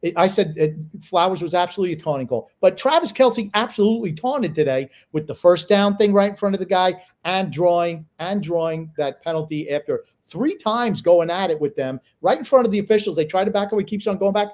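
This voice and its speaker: Podcast guy, blunt, opinionated, swears a lot, voice a bit on the high side. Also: expressive, a little fast, hardly any pauses, darkish tone. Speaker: podcast co-host. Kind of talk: casual sports chat.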